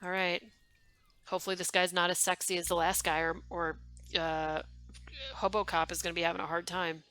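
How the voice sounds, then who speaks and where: A woman's voice: fairly low pitch, flat delivery, brisk, pushed and bright, no echo. A young woman streaming a game, chatting wryly and reading its dialogue aloud. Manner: chatty, wry, reads game text aloud.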